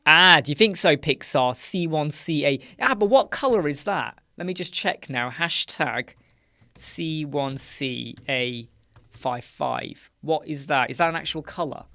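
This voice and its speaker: A British man from the UK hosts a casual live chat stream from a small, dark room lined with sound panels, rambling through filler words and often closing his points with "right?". His voice sits on the high side, creaky, pushed and bright, with lively intonation and an unhurried pace. There's no echo.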